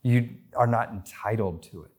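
An American man in his thirties preaching a sermon, telling stories and lifting his voice for quoted lines and excited passages. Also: normal speed. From United States. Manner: storytelling, rises in pitch for quoted voices and excitement. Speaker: pastor.

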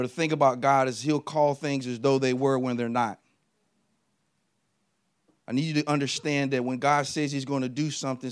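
A middle-aged American man preaching a lively sermon, telling personal stories and swinging between loud punches and quiet asides. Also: mid-range voice, clear, resonant tone. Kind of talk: energetic sermon.

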